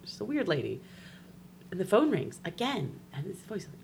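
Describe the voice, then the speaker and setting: A woman co-hosting a local podcast, chatting casually and telling jokes with animated delivery. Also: medium pitch, a little fast, vocal fry, breathy edge. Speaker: podcast co-host. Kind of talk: casual chat.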